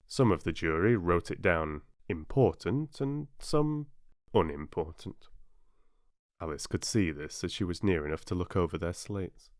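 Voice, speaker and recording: A man from Yorkshire with a British accent, narrating an audiobook in an expressive, theatrical storytelling manner. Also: deep voice, moderate pace, no echo, studio quality. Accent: British English. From Yorkshire, northern England.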